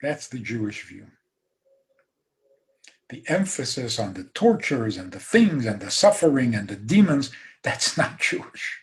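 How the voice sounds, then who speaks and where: A man giving a rabbi's talk over a video call, emphatic, with dry humor and soft laughs. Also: medium pitch, sing-song, measured pace. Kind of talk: talk on a zoom call, answering questions.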